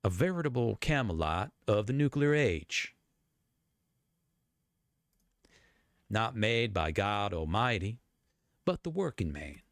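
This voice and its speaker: A man's voice: very animated, no echo, clean studio sound. A man putting on a drawling ghoul salesman. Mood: salesy. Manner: drawn-out, folksy sales pitch.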